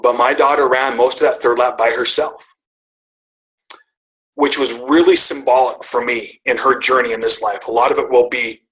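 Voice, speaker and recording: A man's voice: medium pitch, level tone, moderate pace, a bit bright, low-quality recording. A middle-aged man telling a personal story to his team on a call, earnest and emotional, often restarting his sentences.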